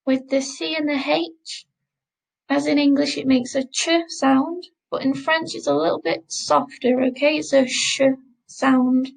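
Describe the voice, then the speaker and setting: A woman teacher with a high, slightly gravelly voice leads a French lesson. She speaks slowly and carefully, repeating each word so learners can copy it. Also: fairly even intonation, poor audio. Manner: slow, careful pronunciation drills, repeating words. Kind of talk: recorded classroom lesson.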